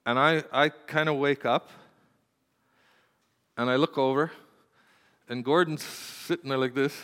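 An older preacher and grandfather with a mid-range voice shares a personal story during a sermon. He moves from quiet storytelling to urgent, impassioned pleading, in a hall with long reverb.

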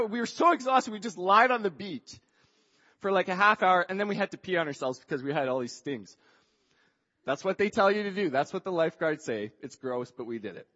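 A man telling a personal story with a moral in a chatty, animated way, acting out what people said and often filling pauses with "like". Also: high-pitched, big-room sound, dull audio. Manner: chatty, acts out quoted dialogue, frequent "like" fillers.

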